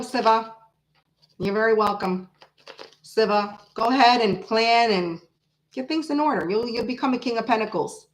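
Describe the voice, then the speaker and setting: A woman in her forties hosting a casual tarot livestream, chatting with viewers in an animated, blunt way, swearing freely and laughing often. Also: on the high side, poor audio. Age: 40s. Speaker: tarot reader host.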